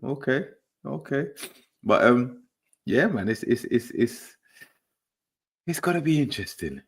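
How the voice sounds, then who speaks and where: A man's voice: mid-range voice, sing-song, measured pace, creaky, husky. A young man hosting a casual football podcast, telling stories in a laid-back, laughing way. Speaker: podcast host. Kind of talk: casual football chat and storytelling.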